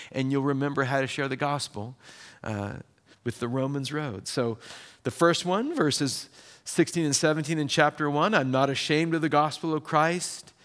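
A man preaching a sermon as pastor, in a lively, conversational way with quick bursts. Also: medium pitch.

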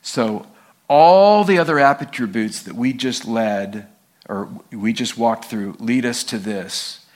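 A male pastor preaching a sermon, telling stories and acting out the people in them with a raised voice. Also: slow. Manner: animated storytelling, acts out quoted people in a high voice.

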